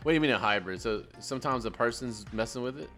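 A man's voice: medium pitch, animated, fast talker, sharp tone, faint music behind. A man co-hosting a podcast with his brother, chatting casually and rambling, with frequent laughs. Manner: rambling, laughs often, many fillers and restarts. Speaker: podcast co-host. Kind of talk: casual chat.

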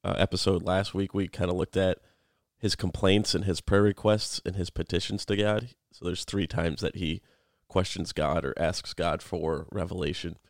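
A man in his thirties co-hosting a podcast, explaining a Bible book in a relaxed, rambling way. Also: deep voice, moderate pace, few pauses, no echo, clean studio sound. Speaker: podcast co-host. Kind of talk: casual Bible study chat.

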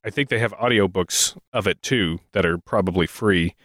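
A man's voice: deep voice, normal speed, fairly bright tone, no echo, clean studio sound. A man co-hosting a trivia podcast in casual chat, easygoing and restarting words as he thinks. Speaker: podcast co-host.

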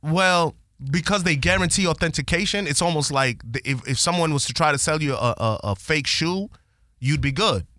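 A man hosting a podcast, animated and profane as he retells a story in casual slang. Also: on the high side, moderate pace, no room sound, clean studio sound.

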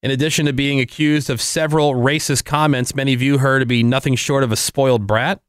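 A man's voice: mid-range voice, fairly even intonation, brisk, smooth, no echo. A man hosting a radio morning show, chatting casually with a rambling, filler-heavy manner. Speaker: radio host.

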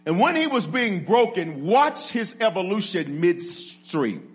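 A man preaching an energetic sermon. He leads the congregation in call-and-response, jokes with them, and swings from low asides to shouted, drawn-out climaxes. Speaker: pastor.

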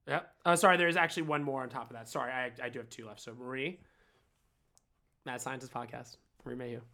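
A man's voice: medium pitch, steady tone, fast talker, gravelly, sharp tone. A man hosting a quiz on a podcast, teasing the others and laughing often. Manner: laughs a lot while teasing. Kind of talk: casual podcast quiz banter.

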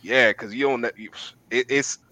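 Bright-voiced man telling a story. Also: medium pitch, moderate pace, no echo, highs cut off. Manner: animated storytelling with slang, says "man" often. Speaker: podcast co-host. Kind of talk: casual chat.

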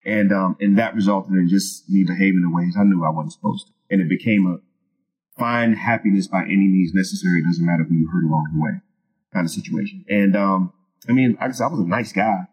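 Guy with a real deep voice talking quick, earnest, lots of ums and restarts. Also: darkish tone, muffled recording. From Virginia. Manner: earnest storyteller, casual with many fillers and restarts. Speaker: guest. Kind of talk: personal testimony in an interview.

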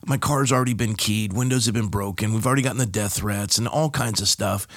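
As a guest in a podcast studio, a middle-aged pastor from California recounts a personal story in an interview, speaking emphatically and rising for the punch lines. He's a fast talker with a lowish, slightly bright voice, and the sound is clean with no echo.

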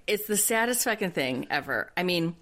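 A woman's voice: lowish voice, lively intonation, unhurried, fairly bright tone. A woman co-hosting a casual chat show, gossiping bluntly and laughing often. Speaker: podcast co-host.

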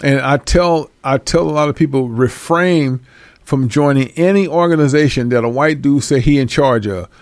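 A man giving an animated casual monologue to his viewers, swearing freely and laughing often. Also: mid-range voice, moderate pace, dry recording, clean studio sound. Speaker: host.

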